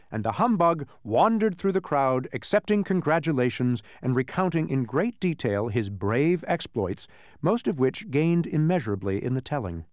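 A man reading a children's storybook aloud as narrator, in an expressive way. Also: on the high side, no room sound, studio quality.

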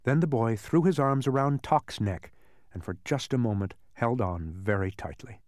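A man reading a children's storybook aloud as narrator, in an expressive way. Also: mid-range voice, moderate pace, no room sound, clean studio sound.

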